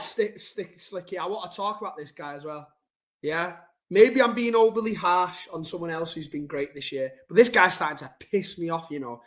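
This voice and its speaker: A man's voice: sits high, a bit bright. A young man ranting bluntly and casually to his chat during a football live stream, swearing and using slang.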